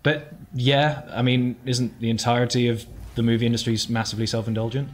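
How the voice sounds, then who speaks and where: A man co-hosting a gaming stream, arguing his point with quick comebacks. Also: medium pitch, little pitch movement, slight background noise. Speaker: co-host of a gaming livestream. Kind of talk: casual chat, arguing a point.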